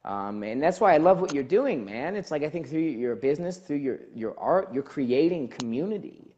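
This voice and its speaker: A man's voice: a little high, lively intonation, normal speed, warm tone. A man hosting a casual podcast conversation, talking in a rambling way with many fillers and restarts, as a life coach. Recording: dull lo-fi audio.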